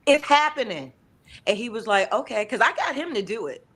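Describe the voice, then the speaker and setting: Lively, bright-voiced woman co-host. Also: on the high side, fairly quick, husky. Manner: animated, playful, talks straight to listeners. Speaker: podcast co-host. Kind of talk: casual chat.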